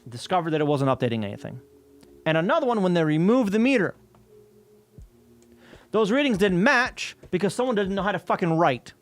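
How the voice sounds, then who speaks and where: A man's voice: high voice, sing-song, a little fast, long pauses. A man streaming while scanning old workbooks, ranting about a utility bill in casual, heavily profane chat.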